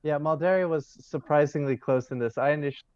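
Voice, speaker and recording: A man's voice: fairly high pitch, quick pace, darkish tone, muffled recording, slight background noise. A man, a commentator, giving analytical, light-hearted post-game analysis over an online call.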